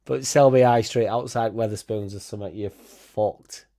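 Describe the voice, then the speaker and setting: A man's voice: on the low side, fairly even intonation, normal speed, warm tone. A young man hosting a casual fan livestream, laughing often, swearing freely and rambling as he reacts and thanks viewers. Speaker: fan channel host.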